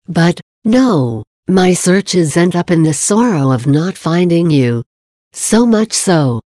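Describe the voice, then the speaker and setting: Low-voiced woman reading devotions. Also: mellow, no room sound, studio quality. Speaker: reader.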